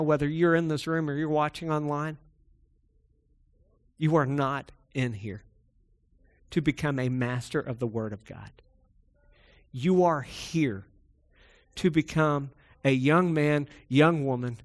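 A man preaching a sermon that starts as a personal story and builds to emphatic exhortation, speaking to a room that is also streamed online. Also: fairly high pitch.

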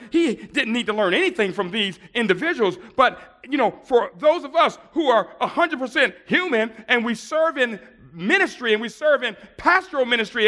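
Lively, high-pitched man preaching. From Buffalo, New York. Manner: animated storyteller, swings from loud to hushed. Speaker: pastor. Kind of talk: sermon with personal story.

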